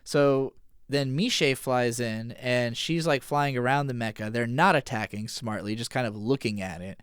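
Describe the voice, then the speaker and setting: Male podcast host with a smooth, resonant voice; relaxed, chatty recapper who swears now and then. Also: mid-range voice, dry recording, studio quality. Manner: casual, profane, retells scenes with quick paraphrased dialogue. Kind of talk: casual episode recap and analysis.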